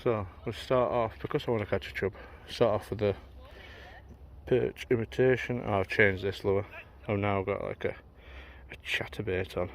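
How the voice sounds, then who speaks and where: A man's voice: lowish voice, steady tone, normal speed, a little hiss or hum. A man with a South Yorkshire accent, chatting and joking as he vlogs a fishing trip outdoors by a river. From South Yorkshire, England. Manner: chatty, jokey, swears when annoyed. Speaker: angler vlogger. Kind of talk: casual outdoor fishing vlog.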